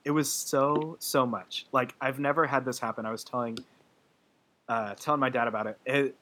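A man's voice: medium pitch, steady tone, moderate pace, bright, forceful tone, slight background noise. A man in casual podcast chat, gushing and emotional, rambling with many fillers and restarts. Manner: gushing about a film, laughing through his words.

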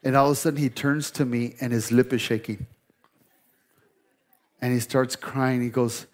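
A man's voice: mid-range voice, steady tone, moderate pace, a little mellow. A middle-aged male pastor preaching a sermon, telling a story in a conversational, joking way with asides to the congregation.

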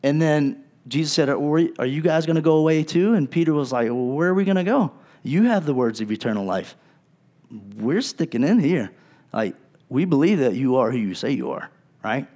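A male pastor preaching a sermon in a conversational way, acting out the people he quotes and dropping to a low, soft voice for emphasis. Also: animated, normal speed. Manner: wide swings in loudness, drops low and soft for emphasis.

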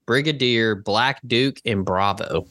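A man co-hosting a podcast, joking around and animated in casual chat. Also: takes it slowly, no echo. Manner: animated, jokey, swings pitch for bits. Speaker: podcast co-host.

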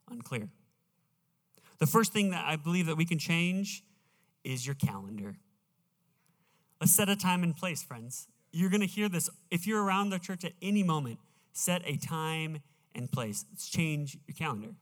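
A man's voice: on the high side, a bit bright. Earnest preacher man in an echoing church. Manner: earnest, slows down to read scripture emphatically. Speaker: pastor. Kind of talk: sermon. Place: church sanctuary. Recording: reverberant church hall.

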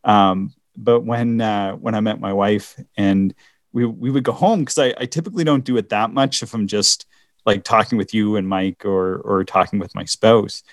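A man's voice: fairly low pitch, steady tone, moderate pace, dry recording, studio quality. A man from the Canadian Maritimes co-hosting a podcast in casual chat, often stopping and restarting his sentences. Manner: hesitant, many restarts and laughs. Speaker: podcast co-host.

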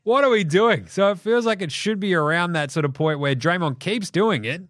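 An Australian man hosting a basketball podcast, ranting in an animated, profane way and laughing between jokes. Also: high-pitched, moderate pace, dry recording, clean studio sound. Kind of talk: solo sports podcast rant.

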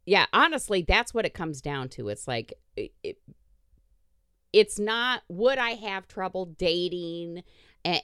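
Bawdy woman podcast host, lively voice. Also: sits low, smooth, no room sound, studio quality. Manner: bawdy, laughing, self-mocking. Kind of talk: casual chat.

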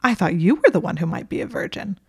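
A woman's voice: on the low side, lively intonation, fast talker, gravelly, husky, no room sound, clean studio sound, exaggerated voice. Hermione Granger, read by a woman, exasperated. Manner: exasperated, emphatic, rising to near shouts. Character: indignant sharp-tongued young woman librarian.

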